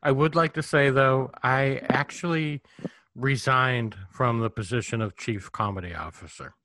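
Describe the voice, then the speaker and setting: A man's voice: medium pitch, measured pace, pushed and bright, a little hiss or hum. A man producing and co-hosting a casual podcast, playful and joking with his friends.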